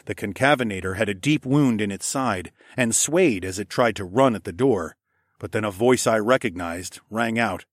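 A man narrating a first-person story in a steady, measured way. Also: lowish voice, dry recording, clean studio sound. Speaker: audiobook narrator.

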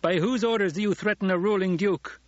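A man's voice: mid-range voice, normal speed, breathy edge, dry recording, natural voice. A man voicing a commanding young male duke in a storybook reading, stern and giving orders. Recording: dull lo-fi audiobook recording.

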